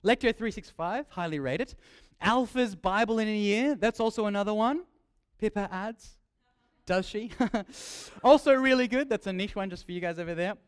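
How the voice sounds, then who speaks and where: A young man preaching a sermon, lively and joking, repeating his key phrases. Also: high-pitched, moderate pace, clean tone.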